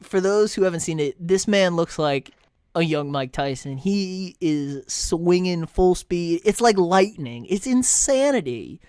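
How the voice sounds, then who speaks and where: A man co-hosting a sports podcast, retelling fights in an animated, chatty way with lots of fillers. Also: high-pitched, unhurried, clear, resonant tone, dry recording, clean studio sound. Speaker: podcast co-host. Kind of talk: casual sports chat.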